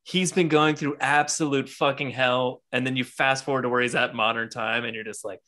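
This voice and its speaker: A man co-hosting a comic book podcast, talking excitedly, swearing a lot and acting out characters' lines. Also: medium pitch, fairly quick. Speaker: podcast co-host. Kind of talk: casual comic book discussion.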